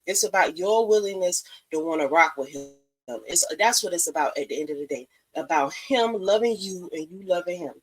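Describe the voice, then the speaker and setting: A woman's voice: lowish voice, breathy edge, rough recording. Blunt, profane woman giving advice. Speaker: podcast host. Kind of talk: casual live-stream monologue.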